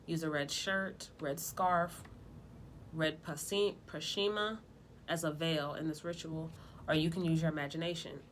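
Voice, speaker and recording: A woman giving a casual tarot reading, talking bluntly in lively slang with plenty of profanity. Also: low-pitched, a little slow, a little hiss or hum. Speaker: tarot reader.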